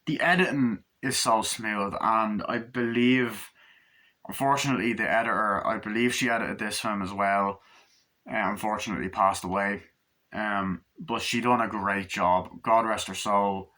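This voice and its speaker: A man's voice: on the low side, fairly even intonation, moderate pace, pushed and bright. A man giving a rambling, profane spoken movie review, out of breath as he talks. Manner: rambling, profane, acts out scenes in loose paraphrase.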